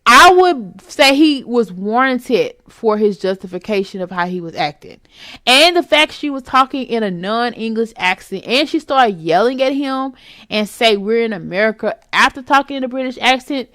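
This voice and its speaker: A woman hosts her own vlog and delivers a chatty, emphatic commentary, calling the listener "baby". Her voice sits a little high. The sound is dry, with no room echo. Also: a bit bright. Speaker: vlog host giving opinions. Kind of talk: casual commentary.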